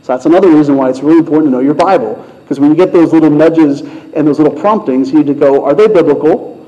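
Pastor guy preaching casual, kinda high voice but mellow, muffled audio. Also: very fast. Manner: storytelling, conversational. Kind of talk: sermon. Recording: muffled lo-fi sound.

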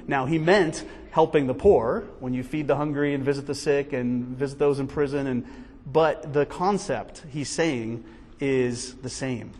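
A man teaching a Bible study class in a conversational, animated way, asking many rhetorical questions. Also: mid-range voice, a little slow, long reverb tail.

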